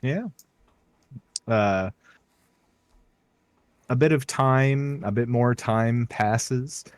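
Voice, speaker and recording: A man narrating as game master of a tabletop game, pausing often with fillers. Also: medium pitch, no room sound. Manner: halting, filler-heavy narration.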